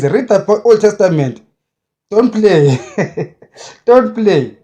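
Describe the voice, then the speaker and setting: Fiery high-voiced preacher man. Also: animated, a little slow. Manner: forceful, repetitive, hammering short phrases. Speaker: self-described prophet. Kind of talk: impassioned preaching monologue.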